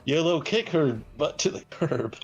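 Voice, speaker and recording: A man playing a tabletop game, casual and joking, quick to argue over the rules. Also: a little high, expressive, highs cut off, faint music behind. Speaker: player.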